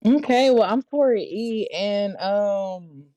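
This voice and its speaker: A woman guest on a podcast who talks hesitantly, with many pauses and small laughs. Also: medium pitch, mellow, no echo. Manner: hesitant, giggly, many ums. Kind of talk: casual chat.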